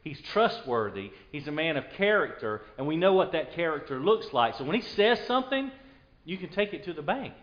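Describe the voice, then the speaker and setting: A man's voice: fairly high pitch, sing-song, brisk, a bit bright. Man preaching a conversational sermon, lo-fi. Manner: conversational preaching, paraphrases scripture in a casual voice. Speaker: pastor.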